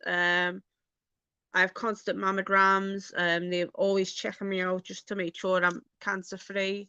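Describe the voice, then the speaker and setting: A woman vlogging in casual chat, talking in a halting, hesitant way with many fillers. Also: mid-range voice, pushed and bright, clear, resonant tone, no echo, highs cut off.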